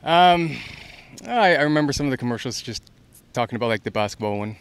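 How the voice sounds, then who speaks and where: A man being interviewed on the street, retelling a story in a rambling, halting way. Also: medium pitch, expressive, background noise. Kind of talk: casual chat.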